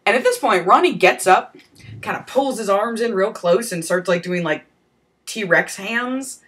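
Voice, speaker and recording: A woman vlogger telling a comic personal story in a wry, profane manner with deadpan asides. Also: medium pitch, measured pace, slightly rough.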